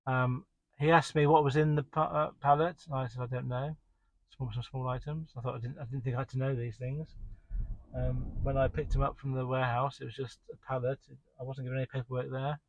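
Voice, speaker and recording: A man who drives deliveries recounts his day like a casual spoken diary, rambling and complaining with lots of "um"s and restarts. His mid-range voice stays level and moves a little fast. The recording is dry, with the high frequencies cut off.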